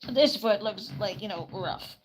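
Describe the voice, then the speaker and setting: A woman chatting casually on a live stream, full of fillers, cooing softly to her hen while she tends it. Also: mid-range voice, unhurried, background noise. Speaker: streamer caring for her animals.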